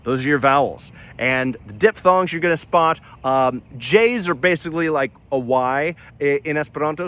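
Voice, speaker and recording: A man's voice: medium pitch, lively intonation, normal speed, a bit bright. A man giving a short scripted language lesson, upbeat and emphatic, correcting common mistakes firmly. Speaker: language teacher.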